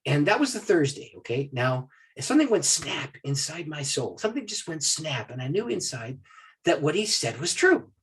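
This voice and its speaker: A man from Maine, a guest speaker on prayer, telling personal stories in a podcast interview. He tells them animatedly and drops to a hushed voice for solemn moments. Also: on the high side, sing-song, normal speed, husky.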